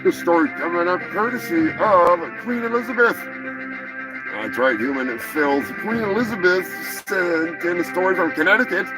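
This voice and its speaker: Brash high-voiced man ranting crude news. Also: animated, normal speed, music in the background, poor audio. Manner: brash, profane, mock-grandiose. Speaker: host. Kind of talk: crude comedic news rant.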